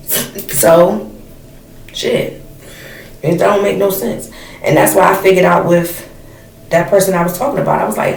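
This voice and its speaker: A woman's voice: fairly low pitch, expressive, moderate pace, gravelly. A woman in her thirties telling a personal story as a blunt, profane, fired-up rant in casual talk to camera. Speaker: storyteller vlogger. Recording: echoey room, mic at a distance, faint noise.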